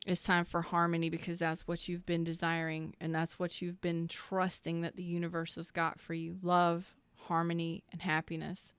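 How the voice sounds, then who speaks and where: Woman tarot reader, heartfelt and repetitive, low smooth voice, dry close mic. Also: completely flat delivery, normal speed, few pauses, dry recording. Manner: earnest, emotional, repeats phrases, near tears. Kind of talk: emotional tarot reading to camera.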